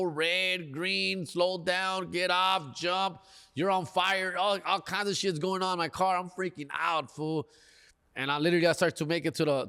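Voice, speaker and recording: LA comedian, slangy storyteller with a higher voice, echoing reverb, keeps saying fool and dog. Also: male voice. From Los Angeles. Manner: slangy, animated, peppers lines with "fool" and "dog". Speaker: comedian and podcast host. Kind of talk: casual storytelling.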